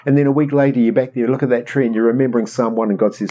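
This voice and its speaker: Casting: middle-aged New pastor, chatty, animated, mid-pitched man. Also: fast, hardly any pauses. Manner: animated, rambling storyteller acting out prayers. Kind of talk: conversational sermon.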